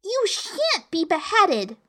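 A woman voicing a high, curious young girl. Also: huge pitch swings, slow, pushed and bright, heavily acted.

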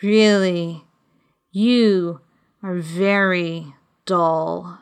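A woman voicing the Mock Turtle, a sorrowful male creature who speaks slowly in a deep, hollow, sighing voice. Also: steady tone, smooth. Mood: mournful. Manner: slow, mournful, sighing.

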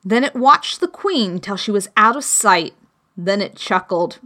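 A woman reading a children's classic aloud as the narrator, slow and clear. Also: mid-range voice, animated, sharp tone. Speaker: audiobook reader. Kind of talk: storybook narration.

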